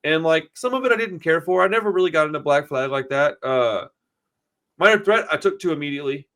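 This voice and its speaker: A middle-aged man from Texas talking in loose, rambling casual chat as a podcast host. His voice sits a little high for a man, and his speech is full of swearing and dudes and bros. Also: expressive, a little fast, fairly bright tone. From Houston area, Texas. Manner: rambling storyteller, swears a lot, says dude and bro.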